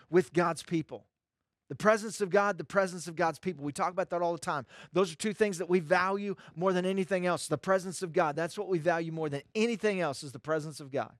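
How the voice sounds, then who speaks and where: Emphatic high-voiced preacher man. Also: fairly bright tone, no echo, studio quality. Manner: emphatic, repeats phrases for stress. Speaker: pastor. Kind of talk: sermon.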